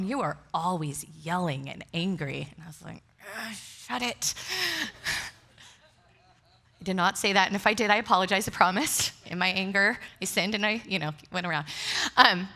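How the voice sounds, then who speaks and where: A woman's voice: medium pitch, sharp tone. A middle-aged woman pastor giving a sermon, telling candid, self-deprecating stories to a congregation. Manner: candid, self-deprecating storytelling with frequent laughter. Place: church sanctuary before a congregation.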